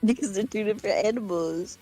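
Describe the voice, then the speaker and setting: A woman in casual stream chat, answering calmly and insisting with gentle teasing. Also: mid-range voice, fairly quick, over loud music, low-quality recording.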